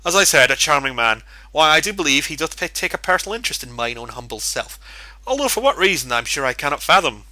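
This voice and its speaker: Casting: a sarcastic boastful bard with a bright, sharp edge, read by a man, dry close sound. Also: a little high, sing-song, fast talker, dry recording, exaggerated voice. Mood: sardonic. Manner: mock-archaic, dry irony. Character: sly, sarcastic male bard, theatrical and boastful.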